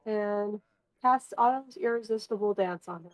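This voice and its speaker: A woman's voice: mid-range voice, unhurried, no room sound. Wry woman at a tabletop game. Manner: casual and wry. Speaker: player. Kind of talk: casual tabletop game play. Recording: dry, dull lo-fi mic.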